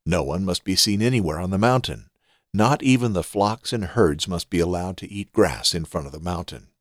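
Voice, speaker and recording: A man reading the words of God in a measured scripture reading. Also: deep voice, animated, dry recording, clean studio sound. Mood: solemn. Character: God speaking, solemn commanding male deity.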